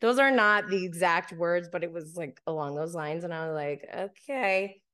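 A woman's voice: fairly low pitch, normal speed, smooth. Chatty woman telling a story. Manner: chatty, many fillers and "like", animated when quoting others. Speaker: podcast host. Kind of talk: casual storytelling chat.

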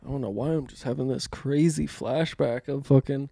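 A man's voice: medium pitch, steady tone, normal speed, gravelly, mellow, dry recording. A young man chats loosely on a podcast, drifting from story to story and swearing as he goes. He mimics other people in silly voices mid-sentence. His voice sounds dry and close, with no room around it. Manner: rambling, profane, acts out quotes in goofy voices. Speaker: podcast co-host. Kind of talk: casual podcast chat.

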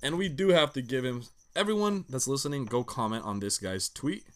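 A man's voice: mid-range voice, lively intonation, brisk. A man co-hosting a podcast, bantering casually with wisecracks and swearing. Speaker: podcast co-host. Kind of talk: casual chat.

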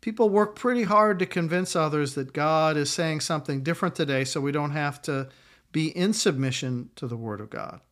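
Conversational preacher, fairly high-pitched man. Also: normal speed, fairly bright tone. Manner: conversational preaching with acted-out quotes. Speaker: pastor. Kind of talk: sermon.

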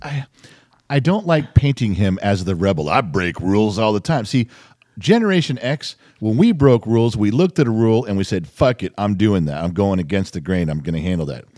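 A man's voice: fairly low pitch, a little fast, dry recording, clean studio sound. A man in his fifties co-hosting a casual chat podcast, joking and acting out the voices of people he talks about. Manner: lively, jokey, acts out other people's lines. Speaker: podcast co-host.

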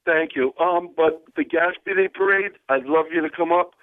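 An eager caller, a man, talks earnestly into the show. His voice comes through a thin, phone-like line, dry and a little higher than most men. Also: moderate pace, no echo. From Rhode Island, United States. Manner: enthusiastic, earnest. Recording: telephone line.

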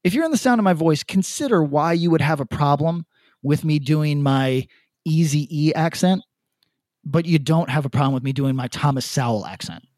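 Man, podcast co-host, animated, profane, casual chat, slightly high, dry sound. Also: moderate pace, no echo. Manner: animated, profane, laughs often.

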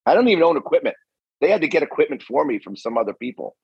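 A man's voice: on the high side, sing-song, very fast, creaky, slightly rough, dry recording, lo-fi sound. A man co-hosting a podcast in casual chat, telling stories in a laid-back way. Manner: laid-back storytelling, laughs often. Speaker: podcast co-host.

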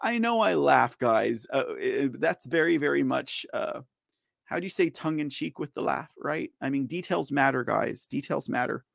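With a medium-pitched, creaky voice and lively intonation at normal speed, a livestream news host rants in exasperation. He reads viewer chat, laughs often and keeps repeating himself. The recording is dry and studio-clean.

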